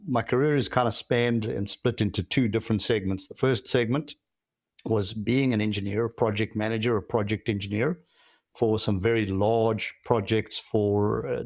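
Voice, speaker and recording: A middle-aged man from South Africa with a South African accent, a company founder giving measured, reflective interview answers with frequent pauses. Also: lowish voice, fairly even intonation, a little mellow, dry recording, studio quality. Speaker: guest, company founder and CEO.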